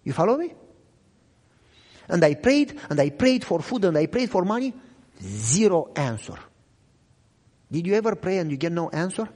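A very animated, high-pitched man with a darkish tone preaches in English, his second language, at a moderate pace with frequent pauses and a long reverb tail. He's an adult with children, sincerely telling his own testimony and repeatedly asking if listeners are with him.

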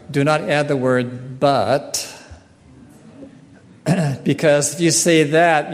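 A man giving a sermon in a slow, earnest way, often clearing his throat. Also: medium pitch. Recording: long hall reverb.

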